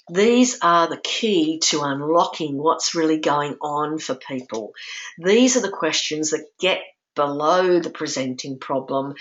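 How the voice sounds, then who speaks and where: A woman presenting a mentoring webinar in a calm, instructive manner, demonstrating example phrases in a gentle tone. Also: sits low, highs cut off. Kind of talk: lecture-style webinar.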